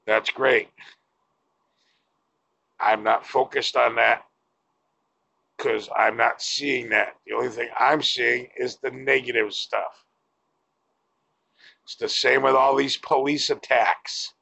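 A man's voice: medium pitch, fairly even intonation, slow, gravelly, long pauses, bright, forceful tone, muffled recording. A man giving a blunt, profane opinion rant to camera as a vlogger.

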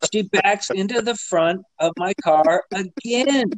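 Speaking slowly in a high voice, this slightly drunk podcast co-host rambles through a casual story packed with fillers, laughter, and swearing, livening up as he retells events. The recording is rough, with no room sound.

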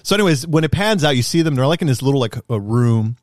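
Excited young man retelling a movie. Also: mid-range voice, fast, no echo, studio quality. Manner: excited storytelling with many fillers and restarts. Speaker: podcast co-host. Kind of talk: casual chat, recapping a movie scene.

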